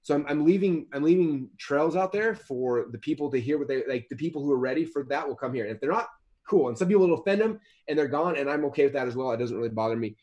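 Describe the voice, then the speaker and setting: A man's voice: a little high, expressive, fast talker, darkish tone, lo-fi sound. A man in his thirties, a guest author in a casual interview, talking in a rambling way with many restarts and repeated words.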